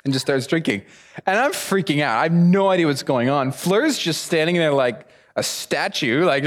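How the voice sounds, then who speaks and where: Animated young male preacher telling a story. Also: on the high side. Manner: animated storyteller, acts out voices. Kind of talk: sermon storytelling.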